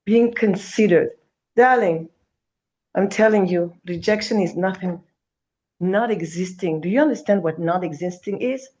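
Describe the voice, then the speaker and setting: A woman's voice: lowish voice, moderate pace, darkish tone, dull audio. A woman speaking as a gives an impassioned spiritual talk, emphatic, calling her listener darling and now and then swearing.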